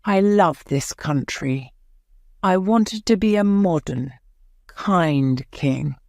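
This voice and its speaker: A woman's voice: fairly low pitch, lively intonation, slow, a little mellow, no echo, clean studio sound. A woman reading as a sorrowful, weary king. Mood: sad. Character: weary, sad abdicating male king.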